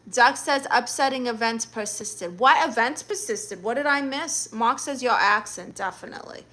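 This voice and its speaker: Woman livestreamer, sassy chat replies, bright tone, a bit high-pitched. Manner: sassy, teasing, quick comebacks. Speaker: livestream host reading chat.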